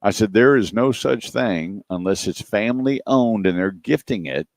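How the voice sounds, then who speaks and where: A man's voice: on the low side, moderate pace, no room sound. A man hosting a car radio show, casually retelling a customer call and acting out both sides in a dry, matter-of-fact way.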